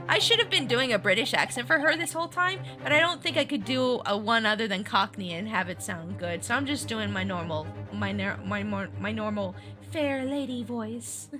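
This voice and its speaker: A young adult woman VTuber streams a video game from home, chatting with viewers in a bubbly, giggly, casual let's-play style. Her medium-pitched voice is expressive and brisk with few pauses, and game music plays behind her.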